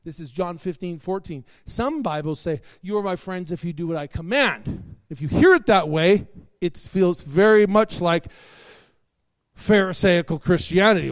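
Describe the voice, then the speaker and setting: A middle-aged man preaching a sermon, animated, swinging between shouted points and soft, quiet asides. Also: high voice, normal speed, dry recording, clean studio sound.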